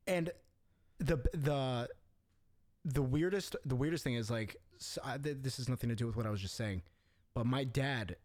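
Young man telling animated, sweary stories. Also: mid-range voice, normal speed, no echo. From Middle East. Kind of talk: casual chat.

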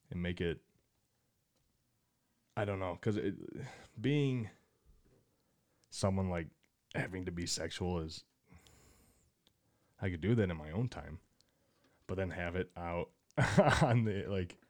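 A man's voice: sits low, a little mellow. A young man in casual podcast chat, laid-back, laughing often and swearing freely. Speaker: podcast co-host.

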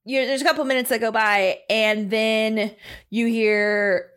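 A woman's voice: fairly high pitch, fairly even intonation, a little slow, a bit bright, clean tone. A woman narrating a tabletop game as game master, chatty and full of fillers.

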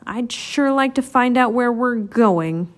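A woman's voice: a little high, expressive, slow. A woman voicing a grumpy, complaining bear from a storybook. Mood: grumbling. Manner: complaining, frowning.

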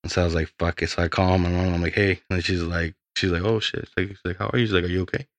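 A man's voice: low voice, little pitch movement, rapid-fire, no echo. A young man, a podcast guest, telling his story in a rambling, casual way with lots of swearing.

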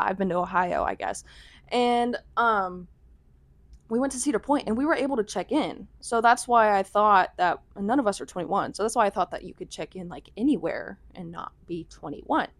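A woman's voice: medium pitch, lively intonation, moderate pace, vocal fry, no room sound. A young woman telling a rambling vlog story in a chatty, casual way, full of "like". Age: young adult. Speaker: vlogger.

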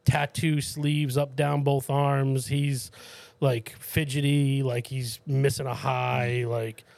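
A podcast co-host tells a story in casual chat, swearing casually, restarting often, and acting out the people in it with a higher voice for their quotes. He speaks slowly with a creaky voice. The recording is dry.

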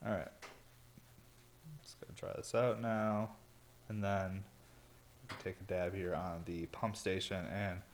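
A worn-out vlogger delivers a laid-back, rambling monologue in a slightly low voice, swearing freely and yawning as if he has barely slept. He is indoors in a workshop or studio, with a faint hiss behind him.

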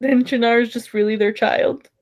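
A woman's voice: fairly high pitch, moderate pace. A young woman co-hosting a podcast, giggling as she recaps a show in casual chat and acts out the characters' lines. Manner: giggly, animated storytelling with acted quotes. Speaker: podcast co-host.

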